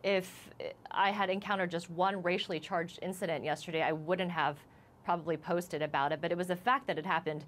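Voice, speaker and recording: A woman reporter in a live TV interview, shaken and emotional, speaking haltingly with many restarts. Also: fairly low pitch, fairly even intonation, fairly bright tone, a little hiss or hum. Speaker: news reporter as guest.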